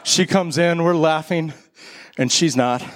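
A middle-aged male pastor in full sermon mode. His voice sits a bit higher than most men's. He tells stories with energy, climbing higher as the action builds. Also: a little slow. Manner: animated storytelling, rising high when excited.

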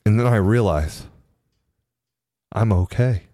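A man earnestly telling a personal story in a halting way, often repeating his words. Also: lowish voice, mellow, no room sound, studio quality. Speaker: storyteller sharing his experience.

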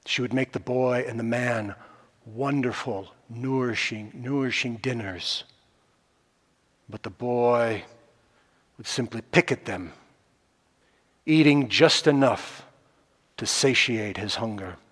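A man telling a folk tale, slow and deliberate, swinging from loud passages to hushed ones. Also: mid-range voice. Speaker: storyteller. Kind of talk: oral storytelling. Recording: long hall reverb.

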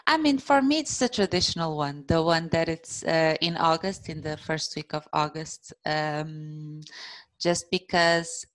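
A woman chatting casually as a podcast guest, with frequent pauses and restarts. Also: deep voice, no echo. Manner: hesitant, many fillers and restarts.

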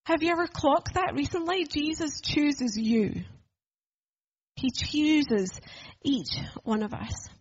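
A woman's voice: high-pitched, slow, lo-fi sound. A woman preaching a sermon in a church, earnest and conversational, asking the room questions.

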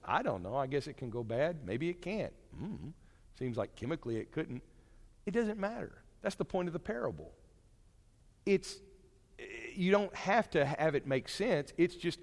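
A male pastor delivering a sermon in a church, his fairly high voice swooping up and down as he talks. He preaches in a chatty, animated way, full of everyday comparisons. The sound carries a long reverb from the hall. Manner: animated, conversational preaching with homely asides. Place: church sanctuary.

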